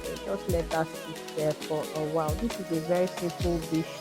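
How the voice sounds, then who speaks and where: A woman talking through a cooking tutorial in a relaxed, chatty way, often repeating herself. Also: deep voice, moderate pace, over loud music. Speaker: cooking channel host. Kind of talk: casual cooking tutorial voice-over.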